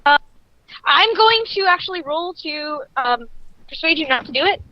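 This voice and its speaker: A woman with a high voice plays a tabletop game. She speaks firmly and precisely about the rules, and her voice comes through a dull, lo-fi voice-chat line. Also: lively intonation, normal speed. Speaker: player.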